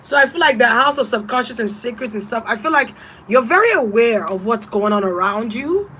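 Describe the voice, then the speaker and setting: Woman tarot reader, casual and blunt, swears freely, slightly high voice. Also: animated, fairly quick, pushed and bright, slight background noise, poor audio. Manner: blunt, profane, emphatic. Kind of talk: casual spiritual advice.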